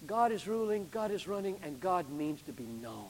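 A man pastor delivering a sermon with emphatic preaching, building to loud climaxes and then dropping low. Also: big pitch swings, moderate pace, few pauses, big-room sound, rough recording.

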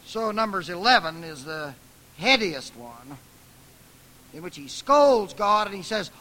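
A man preaching in a lecture style, emphatic, swinging from soft asides to loud dramatic outbursts. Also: high voice, sing-song, measured pace, low-quality recording.

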